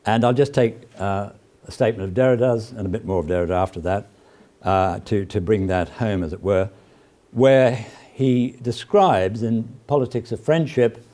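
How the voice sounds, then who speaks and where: An elderly law professor lectures in a careful, halting way, with many "uh" pauses and emphasis on key words as he quotes passages aloud. He has a lowish voice with a dark tone.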